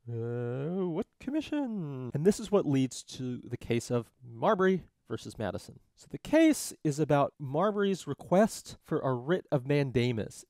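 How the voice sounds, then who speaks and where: A man tutoring on a law case in a casual, jokey way, slipping into quick character voices. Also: mid-range voice, darkish tone, no echo, clean studio sound. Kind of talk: casual explanatory lesson.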